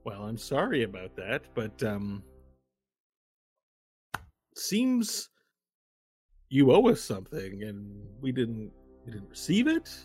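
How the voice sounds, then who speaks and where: A man playing a smooth-talking male gangster boss from hell, oily and falsely apologetic, who stalls with restarts. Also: medium pitch, wildly swooping pitch, slow pace, long pauses, darkish tone, soft background music, heavily acted. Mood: mock-apologetic.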